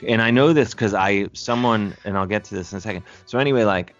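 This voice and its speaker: A man's voice: lowish voice, quick pace, muffled recording, soft background music. A man telling a casual anecdote, rambling with many fillers and restarts and acting out the voices of others. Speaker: storyteller guest.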